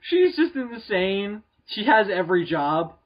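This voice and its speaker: A man co-hosting a podcast, riffing loosely with excitable, loud outbursts and swearing. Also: sits high, a little slow. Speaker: podcast co-host. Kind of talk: casual riffing commentary. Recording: muffled lo-fi recording.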